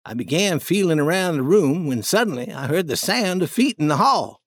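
A man narrating a story aloud in a plain, steady first-person storytelling manner. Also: on the high side, moderate pace, no room sound.

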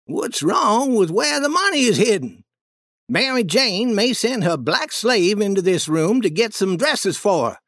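Storybook character: a man putting on a nervous crooked duke, worried tone, lively pitch. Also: unhurried, no room sound, clean studio sound, heavily acted. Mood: uneasy. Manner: worried, fretful. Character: nervous male swindler, the duke.

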